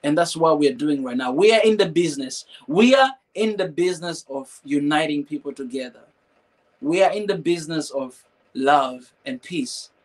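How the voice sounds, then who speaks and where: A man with a fairly high voice hosts a live stream. He talks emotionally and preaches at times, repeats phrases and keeps asking his viewers rhetorical questions. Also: low-quality recording.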